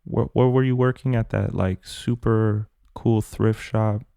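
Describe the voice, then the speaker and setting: A man co-hosting a podcast in relaxed, friendly, rambling chat. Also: lowish voice, a little slow, vocal fry, clean tone, no echo, studio quality. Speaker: podcast co-host. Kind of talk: casual chat.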